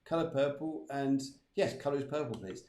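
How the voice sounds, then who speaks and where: A man's voice: medium pitch, animated, moderate pace, darkish tone, slight background noise. Man, medium and host, roomy echo, chatty. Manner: chatty, reads out viewer requests. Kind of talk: live spiritual readings.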